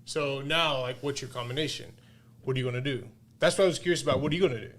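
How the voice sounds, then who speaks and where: A man co-hosting a podcast in casual chat, excitable and emphatic, swearing freely. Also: medium pitch, fast.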